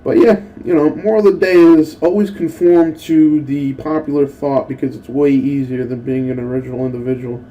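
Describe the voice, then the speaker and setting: A slightly high, fairly quick voice with barely a pause comes from a young adult man hosting a gaming channel, heard on a rough recording. His casual commentary rambles and swears through stories between moves, full of excitable acted-out quotes.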